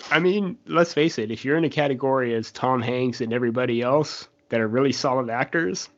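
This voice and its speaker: A man's voice: mid-range voice, brisk. A man co-hosting a casual sports podcast, laughing often and restarting his sentences. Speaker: podcast co-host. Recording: dull lo-fi podcast audio.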